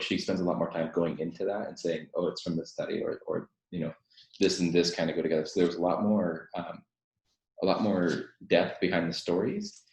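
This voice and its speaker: A man with a very low voice and a gravelly rasp chats casually about books. He rambles, restarts and fills pauses as he goes. The sound bounces around the bare office he records in. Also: darkish tone. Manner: rambling, many fillers and self-corrections. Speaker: podcast co-host and teacher. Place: his office, echoing room. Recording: echoey office room.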